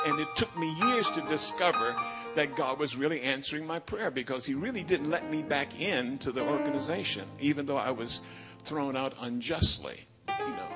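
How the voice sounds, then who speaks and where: A bishop in his sixties telling a personal story in a sermon, animated and imitating other preachers' drawling catchphrase. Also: mid-range voice.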